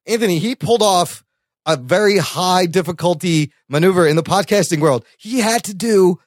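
High-voiced, chatty podcast host man. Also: moderate pace, no room sound, studio quality. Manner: chatty and animated, laughs often, swears casually. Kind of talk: casual podcast chat.

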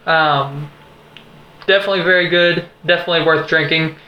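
A man's voice: a little high, steady tone, a little fast, dull audio. A man co-hosting a casual podcast, chatting loosely with many fillers and frequent laughs. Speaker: podcast co-host. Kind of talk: casual chat. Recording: echoey room, faint background noise.

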